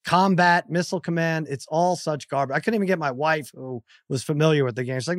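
A man in his forties with a slightly high voice tells stories in an animated, exasperated, jokey style as a podcast co-host. The mic is close and completely dry. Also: brisk, no room sound. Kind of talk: casual chat, storytelling.

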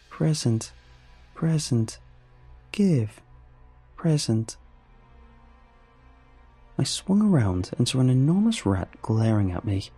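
A man narrating a first-person horror story in a measured, storytelling manner. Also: fairly low pitch, warm tone, husky.

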